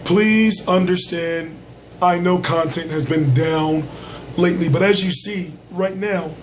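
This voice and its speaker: A man with a high-pitched voice that is nearly gone, forcing it out hard so he can be heard as he runs his boxing vlog. He speaks loosely and slangily and keeps circling back over his points, over a faint background hiss. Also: a little slow, poor audio. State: lost voice, straining to project. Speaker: boxing news vlogger. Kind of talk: casual commentary vlog.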